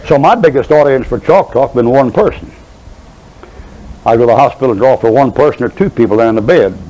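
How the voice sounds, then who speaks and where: Older preacher, folksy and mellow. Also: male voice, mid-range voice, expressive, fairly quick, rough recording. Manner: folksy storytelling, rambling asides. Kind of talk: sermon.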